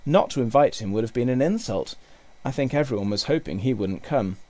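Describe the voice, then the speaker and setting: A man reading a storybook aloud, voicing a kindly, knowledgeable uncle who explains things calmly. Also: mid-range voice, fairly quick, lightly acted. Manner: calm, explanatory.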